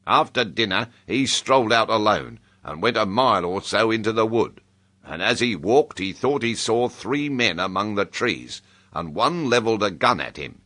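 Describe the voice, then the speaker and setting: A British man, voicing a gruff older soldier in an audiobook, forceful and urgent. He speaks with a hard, bright edge and plain, blunt words. The pitch sits low and steady. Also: normal speed. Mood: grave. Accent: British English. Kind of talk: audiobook character voice.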